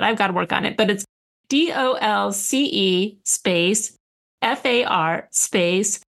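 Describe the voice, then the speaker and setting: Woman cohosting a podcast, upbeat, bit of fry in her voice. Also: medium pitch, unhurried, fairly bright tone. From United States. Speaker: podcast co-host. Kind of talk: casual podcast chat.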